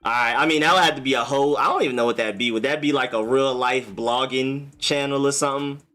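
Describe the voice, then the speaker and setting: A young man hosting a casual live stream. He reacts to viewer comments in a relaxed, chatty way and enunciates carefully in his broadcaster voice. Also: mid-range voice, fast talker, faint music behind. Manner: relaxed, chatty, answers chat comments one by one. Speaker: livestream host.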